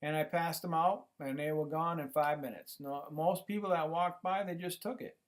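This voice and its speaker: Rambling middle-aged man, slightly high. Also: steady tone, normal speed. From United States. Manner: rambling, many fillers and restarts. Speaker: YouTube channel host. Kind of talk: casual monologue to camera. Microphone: computer microphone.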